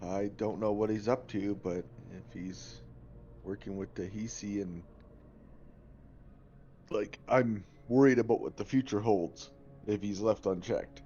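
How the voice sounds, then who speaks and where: A man's voice: on the low side, fairly even intonation, measured pace, long pauses, mellow, muffled recording, faint music behind. A man playing a tabletop game, chatting casually and rambling with lots of fillers. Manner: rambling, many fillers, laughs often. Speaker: player.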